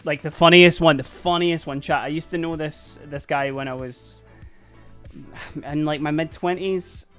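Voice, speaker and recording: A man's voice: fairly high pitch, steady tone, unhurried, fairly bright tone, soft background music. A young man with a Dundee Scottish accent, chatting casually with his stream while painting, laughing often and dropping Scottish slang. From Dundee, Scotland. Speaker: livestream host painting miniatures. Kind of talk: casual streaming chat with viewers.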